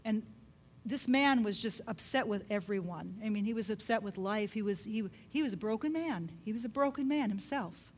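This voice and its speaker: A middle-aged woman preaching a sermon, telling a personal story earnestly and dropping to a soft hush at emotional points. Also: normal speed. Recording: long hall reverb with faint low rumble.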